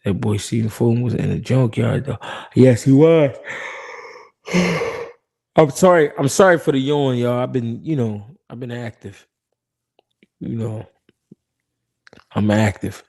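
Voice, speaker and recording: A man's voice: mid-range voice, unhurried, gravelly, pauses often, warm tone. A man hosting a live boxing talk stream in casual, slangy chat, reading viewer comments and laughing often. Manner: laid-back, slangy, laughs often, repeats himself.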